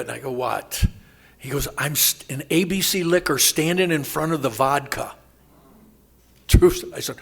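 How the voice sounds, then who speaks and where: Gravelly man telling a recovery story. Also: mid-range voice, normal speed. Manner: rambling, self-interrupting storyteller who laughs at his own jokes; acts out quoted voices with sudden loud jumps. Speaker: AA speaker. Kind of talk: personal recovery story at a meeting.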